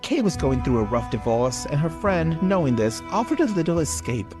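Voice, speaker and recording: A man co-hosting a horror podcast, chatting casually and reading a listener story aloud with theatrical pauses and jokey asides. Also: a little high, big pitch swings, soft background music. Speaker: podcast co-host.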